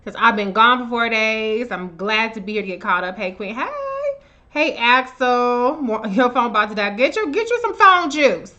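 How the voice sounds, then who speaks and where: A woman hosting a casual live stream, greeting viewers by name and talking in a blunt, profane, animated way. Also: fairly high pitch, normal speed, dull audio. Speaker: livestream host. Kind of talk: casual livestream chat. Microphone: own camera on a live stream.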